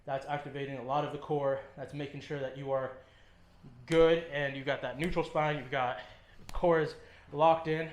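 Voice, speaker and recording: A man's voice: a little high, little pitch movement, moderate pace. Man coaching lifts in an echoey gym. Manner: talks while lifting, short coaching cues with frequent ums. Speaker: fitness trainer. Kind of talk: instructional demonstration. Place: gym, indoors.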